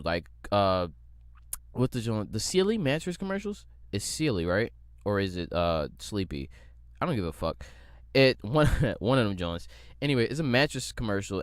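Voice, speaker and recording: A man with a lowish voice rants through his podcast, cracking jokes and swearing freely as he rambles from one thought to the next. The sound is dry and close, with no room around it. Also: smooth, no echo. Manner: profane, rambling, joking. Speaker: podcast host. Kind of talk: casual comedic rant.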